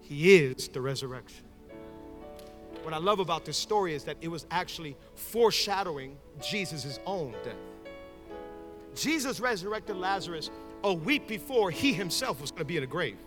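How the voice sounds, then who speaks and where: A man preaching a sermon in a church, moving from casual storytelling to shouted, fervent exhortation. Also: on the high side, expressive, normal speed, over music. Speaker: pastor. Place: church sanctuary with congregation.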